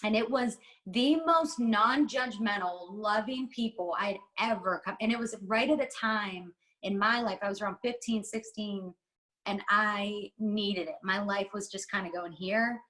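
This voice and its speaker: A woman's voice: medium pitch, a little slow, a bit bright, low-quality recording. A woman from the United States, a podcast guest, talking candidly in an interview with a heartfelt, rambling and emphatic manner.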